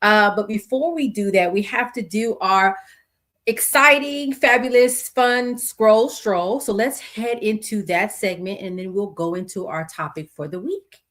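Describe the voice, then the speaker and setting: A woman's voice: mid-range voice, normal speed, hardly any pauses, a bit bright. A middle-aged American woman hosting her own podcast, talking casually with many fillers and asides. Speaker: podcast host. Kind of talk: casual solo podcast talk.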